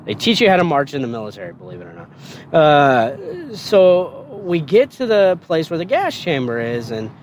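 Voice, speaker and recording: Profane, animated man telling stories. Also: a little high, moderate pace. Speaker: podcast guest storyteller. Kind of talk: casual storytelling.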